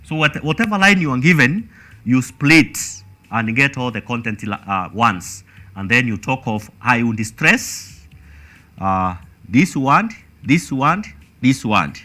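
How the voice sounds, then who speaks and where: Kenyan guy teaching exam revision, talks slow, repeats himself, bright tone. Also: medium pitch, animated. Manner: slow, emphatic, repeats words while thinking.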